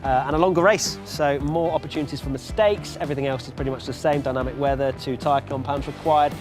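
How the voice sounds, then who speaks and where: A man's voice: mid-range voice, steady tone, quick pace, music in the background. A man presenting an esports racing show, teasing and upbeat with his co-hosts.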